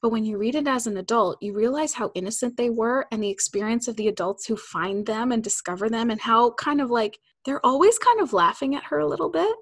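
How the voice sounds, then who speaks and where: A woman's voice: a little high, expressive, a little fast, hardly any pauses, no room sound, studio quality. A woman co-hosting a podcast, chatting casually and enthusiastically. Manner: enthusiastic, gushing. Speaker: podcast co-host. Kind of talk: casual chat.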